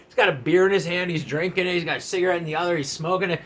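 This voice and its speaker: A man, a former enlisted soldier, telling a story from his service days in a casual, animated, profane way. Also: high voice, racing, few pauses.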